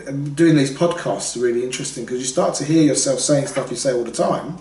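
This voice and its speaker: Fast-talking man, roomy sound. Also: medium pitch, crowd noise. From Britain. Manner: animated, acts out quoted voices, many restarts. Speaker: podcast co-host. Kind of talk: casual podcast conversation. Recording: roomy, somewhat distant mic.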